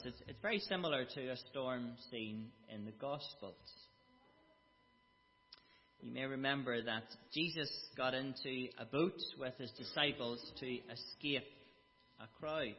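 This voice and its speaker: A man preaching a sermon, explaining a Bible passage with emphatic, dramatic quotes. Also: mid-range voice. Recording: dull sound with long hall reverb.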